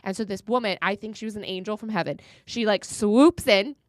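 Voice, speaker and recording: Woman co-host, animated storyteller, dry close sound. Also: mid-range voice, a little fast, no echo. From Florida. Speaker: podcast co-host. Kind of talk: casual chat, storytelling.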